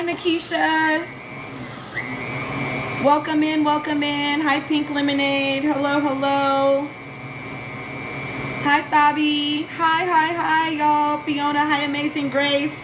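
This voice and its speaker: A high-pitched woman hosting a live reality TV recap stream, talking straight to her chat in a loose, exasperated rant. She greets viewers by name between profane complaints, and a faint hiss of ambient noise sits under her voice. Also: little pitch movement, takes it slowly, pauses often. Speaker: livestream podcast host.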